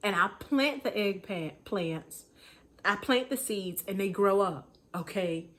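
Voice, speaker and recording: A woman's voice: mid-range voice, expressive, slow pace, a bit bright. A woman giving a motivational talk in a preaching style, emphatic and colloquial, repeating her points and chuckling now and then. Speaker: motivational speaker.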